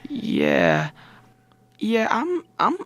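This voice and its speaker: A woman's voice: a little high, huge pitch swings, very slow, no room sound. A woman co-hosting a casual comedy podcast who stammers and hesitates a lot as she speaks. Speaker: podcast co-host.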